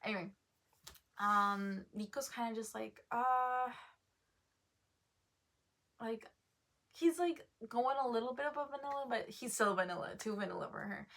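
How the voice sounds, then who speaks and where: Chatty rambling woman, higher voice. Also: a little slow, vocal fry, long pauses, a bit bright. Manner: rambling, full of "like" and "um", corrects herself. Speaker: book reviewer. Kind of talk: casual book review chat.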